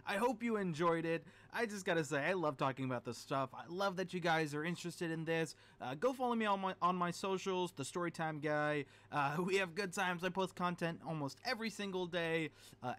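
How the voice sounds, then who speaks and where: A man hosting a storytelling podcast, retelling a myth in a chatty, rambling way full of animated asides. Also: a little high, a little fast, hardly any pauses.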